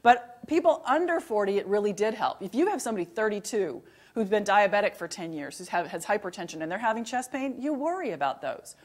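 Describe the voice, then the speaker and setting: Lively middle-aged woman lecturing doctors. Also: medium pitch, fairly quick. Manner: lively and conversational, with rhetorical questions to the audience; emphatic, repeats key points. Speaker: emergency medicine professor giving a lecture. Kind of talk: recorded continuing-education lecture.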